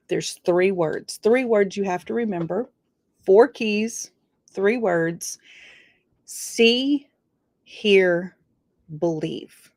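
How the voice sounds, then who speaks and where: A woman's voice: on the low side, gravelly, no echo, clean studio sound. A woman giving an earnest motivational talk on leadership, stressing key words and drawing them out. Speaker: leadership speaker. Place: studio.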